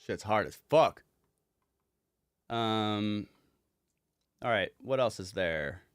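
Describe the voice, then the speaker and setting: A rambling, casual man explains a mix as a music producer, swearing offhandedly. His voice sits on the low side and the sound is dry and close, with no room around it. He talks loosely and piles on fillers. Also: drawn-out words, clear, resonant tone, no room sound.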